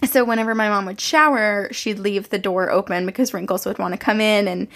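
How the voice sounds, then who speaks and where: Gravelly-voiced young woman spinning stories. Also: medium pitch, steady tone, a little fast, a bit bright. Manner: chatty, rambling storyteller with frequent laughs. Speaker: podcast co-host. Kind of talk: casual chat, telling personal ghost stories.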